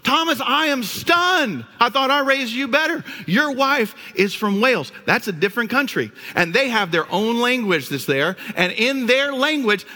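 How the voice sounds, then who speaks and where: Man playing a stubborn older father, pitched well up, bright, reverberant hall. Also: full character voice. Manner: gushing, then stubbornly insistent. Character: eager older Southern father, warm and stubborn.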